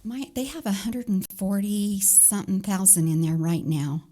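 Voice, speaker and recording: A woman's voice: medium pitch, expressive, moderate pace, mellow. A woman on city staff explaining budget details in a council meeting, with some hesitant fillers. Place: council chamber.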